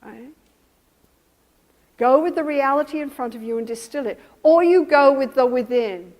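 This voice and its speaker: A woman therapist with a high-sitting, slightly mellow voice gives a workshop lecture at normal speed. She animatedly acts out both partners in a couple's session, mixing teaching with re-enacted session dialogue. The hall is reverberant.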